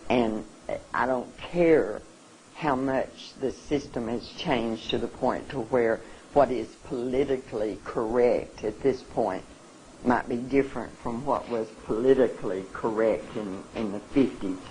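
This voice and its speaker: Slow, halting, emotional seminar speaker. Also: medium pitch, a little mellow, a little hiss or hum, low-quality recording. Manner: halting and earnest, often restarting; openly emotional. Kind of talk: emotional public talk. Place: seminar room.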